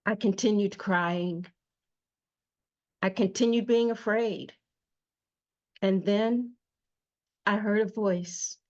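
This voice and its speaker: A woman hosting her own show, telling a personal story slowly and emotionally with emphatic repetition. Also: mid-range voice, fairly even intonation, darkish tone, lo-fi sound. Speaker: host. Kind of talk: personal testimony monologue.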